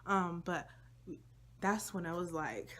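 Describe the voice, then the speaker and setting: A woman's voice: lowish voice, animated, slow, a bit bright, a little hiss or hum. A young woman vlogger telling a personal story to her viewers in a casual, slangy, chatty way.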